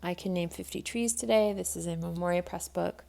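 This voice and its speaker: A woman in her thirties talks through a casual unboxing at home, thinking aloud and filling pauses with ums. Her voice sits a little low and has a gravelly, fry-laden edge. A faint hiss of noise lies under the tripod camera recording. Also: warm tone. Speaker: homeschool vlogger. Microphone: camera mic on a tripod.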